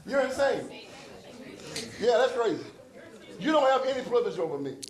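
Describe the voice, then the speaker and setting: A man's voice: very high-pitched, very animated, moderate pace, a faint crowd. A man speaking at a debate, blunt and challenging.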